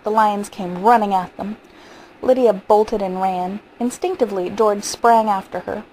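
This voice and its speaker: A woman's voice: medium pitch, unhurried, a little hiss or hum, rough recording. Woman reading a story aloud. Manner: steady, vivid, descriptive reading. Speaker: audiobook reader. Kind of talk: scripted story narration.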